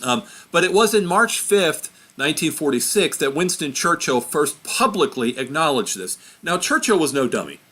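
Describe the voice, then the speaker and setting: A man's voice: fairly high pitch, very animated, normal speed, few pauses, bright, forceful tone. Casual man teaching history. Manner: conversational, self-correcting, points at a map. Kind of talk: informal history lesson.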